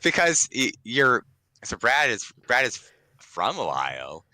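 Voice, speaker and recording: A man's voice: mid-range voice, huge pitch swings, slow pace, pushed and bright, no room sound, low-quality recording. A man from Washington, D.C. co-hosting a casual podcast, telling stories with lots of fillers. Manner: chatty storyteller, many fillers. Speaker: podcast co-host.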